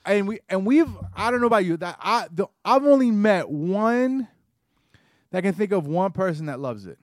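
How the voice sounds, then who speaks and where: Casting: young male podcast co-host, quick with jokes, voice a bit high, dry close sound. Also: animated, dry recording. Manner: joking, chimes in with quips. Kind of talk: casual chat.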